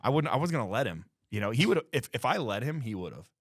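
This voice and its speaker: A man from Colorado, a guest on a talk show, telling a story in a casual, animated way and acting out what others said. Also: medium pitch, fast talker, no room sound, studio quality.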